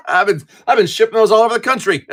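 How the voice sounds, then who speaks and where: A man's voice: sits high, a bit bright. A middle-aged man chatting casually and profanely on a card-opening live stream, rambling and laughing easily. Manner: rambling with frequent restarts.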